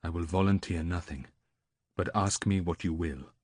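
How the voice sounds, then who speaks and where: A man's voice: low-pitched, breathy edge, no echo, clean studio sound. A man voicing a gloomy old seer. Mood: reluctant. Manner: quiet, slow and solemn. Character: old gloomy male seer, reluctant prophet.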